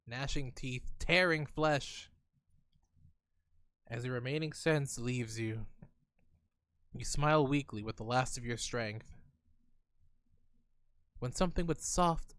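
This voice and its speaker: A man streams himself playing a text game and reads its passages aloud in an unhurried, theatrical way. He slips into joking asides between the lines. His voice sits at an ordinary pitch. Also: a bit bright, smooth, dry recording. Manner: slow, theatrical reading with playful asides.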